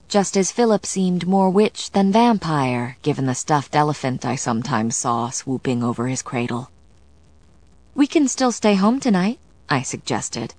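Low-voiced woman reading steadily. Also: no room sound. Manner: steady, measured first-person reading. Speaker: audiobook narrator. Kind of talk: scripted narration.

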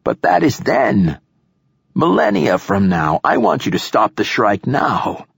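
A man voicing an ancient, frail male poet who is imperious and profane, with a rasping, snappish delivery. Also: fairly low pitch, very animated, a little slow, no room sound, clean studio sound, exaggerated voice. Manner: snappish and formal.

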